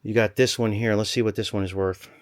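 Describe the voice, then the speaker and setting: A man vlogging from a storage locker, rambling and thinking aloud in an excited stop-start way, a little out of breath. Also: lowish voice, fast. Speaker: storage unit reseller. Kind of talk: excited unboxing vlog.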